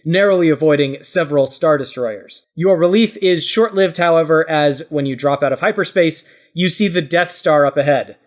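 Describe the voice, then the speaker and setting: Podcast host reading out the scenario, steady and dry, middle pitch. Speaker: podcast host running the game.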